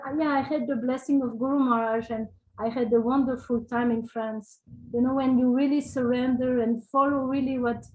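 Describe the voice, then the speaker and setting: A woman tells personal stories as an interview guest, her voice sitting a little high. She talks in loose, conversational bursts. She often restarts and tacks questions onto her sentences. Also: a little mellow, poor audio. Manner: tells anecdotes with tag questions and frequent restarts.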